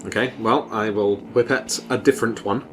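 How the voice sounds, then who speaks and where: A man playing a tabletop role-playing game, dry and low-key. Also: steady tone, normal speed, noisy background. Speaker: player.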